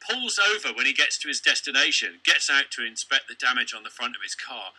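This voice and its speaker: A man's voice: medium pitch, big pitch swings, a little fast, bright, forceful tone, breathy edge, rough recording. A man co-hosting a late-night local radio comedy show, telling rambling jokey stories with stammering restarts. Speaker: radio co-host. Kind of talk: casual banter, comic storytelling. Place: radio studio.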